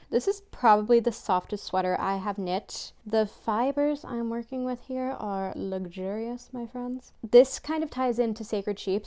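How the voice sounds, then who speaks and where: A woman chatting casually to camera about her knitting, talking fast, laughing often and joking at her own expense. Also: mid-range voice, darkish tone. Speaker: knitting vlogger.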